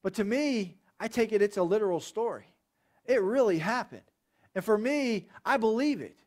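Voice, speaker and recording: A man preaching a sermon in a church, telling Bible stories in an animated, conversational way. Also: sits high, moderate pace. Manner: animated storytelling with acted voices. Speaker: pastor.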